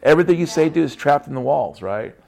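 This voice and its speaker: A man's voice: on the high side, expressive, fast, vocal fry, a little mellow. A man giving a casual Christian testimony talk, emphatic and repetitive, often tagging his sentences with "right?". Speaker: Christian speaker.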